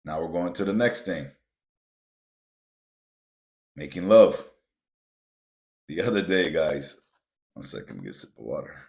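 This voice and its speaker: A man with a low voice hosts a motivational podcast, talking straight to his listeners. He is blunt and profane and often works himself up into loud, emphatic rants. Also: lively intonation, a little slow, gravelly, pauses often. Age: adult with children. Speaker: podcast host.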